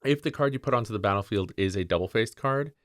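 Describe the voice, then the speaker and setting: A man co-hosting a podcast, calmly and methodically explaining card game rules in casual chat. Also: lowish voice, fast talker, no echo, studio quality. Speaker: podcast co-host.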